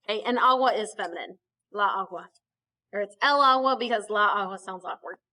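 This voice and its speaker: A woman's voice: mid-range voice, a little fast, sharp tone. A woman teaching a Spanish grammar lesson in a recorded video, explaining patiently step by step and checking in with frequent okays.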